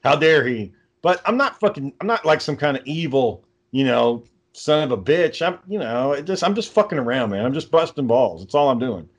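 A podcast co-host with a mid-range, sing-song voice talks at normal speed with hardly any pauses. He rambles casually, swears freely, and reads text messages aloud.

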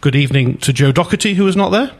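A man hosting a casual football chat, asking lively rhetorical questions. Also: on the high side, fast. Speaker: podcast host.

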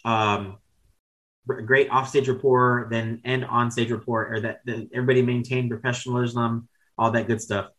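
On a low-quality recording, a man in his thirties with a mid-range, somewhat bright voice chats casually as a podcast guest. His stories are candid and rambling, peppered with offhand swearing and self-corrections.

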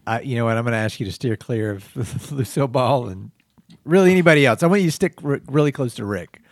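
A man's voice: medium pitch, fast talker, no echo, clean studio sound. A male podcast host in comedy banter, the wry, exasperated straight man who laughs often.

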